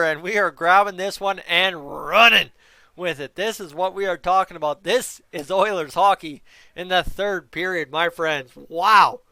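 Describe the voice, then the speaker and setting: A man streams his own live play-by-play of a hockey game, jumping into shouts whenever something big happens and calling out to his viewers by name. His voice sits high and comes through smooth and clean. The sound is close and dry, with no room behind it. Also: no echo. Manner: excitable, shouts at big moments, talks to chat by name. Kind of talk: excited live play-by-play reaction.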